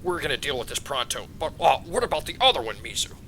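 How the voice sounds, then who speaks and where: A man's voice: mid-range voice, very animated, fast talker, pushed and bright, a little hiss or hum. A man voicing a flustered, doting king who stammers over a princess daughter in a tabletop game.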